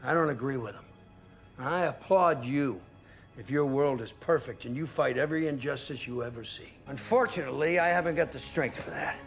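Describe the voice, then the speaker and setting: An actor playing a weary older father figure who speaks slowly and earnestly in a dramatic TV scene. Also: medium pitch, gravelly, faint music behind, close to an everyday voice. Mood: earnest, solemn. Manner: slow, measured, earnest speech. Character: weary older father, stern but principled. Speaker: patriarch figure in a TV series.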